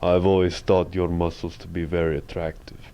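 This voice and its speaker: A man's voice: low voice, flat delivery, moderate pace, dark tone, a little hiss or hum, pitched below the performer's own voice. A man playing a boastful Russian strongman leader in an improv scene, with a put-on Russian accent, broken grammar and pompous threats. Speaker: improv player.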